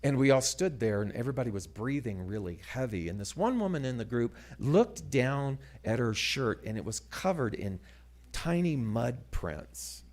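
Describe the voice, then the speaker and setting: A man telling a story as a sermon, dramatic and animated, dropping to hushed asides. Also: mid-range voice, normal speed. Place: church sanctuary.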